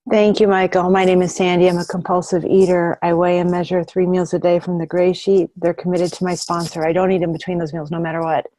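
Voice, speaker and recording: Dark-voiced woman in her fifties, heartfelt. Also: fairly low pitch, little pitch movement, brisk, few pauses, no echo. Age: 50s. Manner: heartfelt, emotional, candid. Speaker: meeting member sharing. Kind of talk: twelve-step share.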